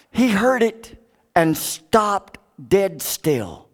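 A man's voice: lively intonation, slow, a bit bright. A man preaching a sermon in a dramatic, impassioned way. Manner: dramatic, impassioned, sweeping pitch.

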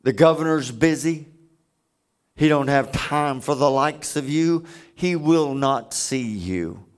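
A man voicing a gruff doorkeeper who turns a visitor away curtly. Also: fairly high pitch, slow pace. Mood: dismissive. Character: gruff dismissive male doorkeeper.

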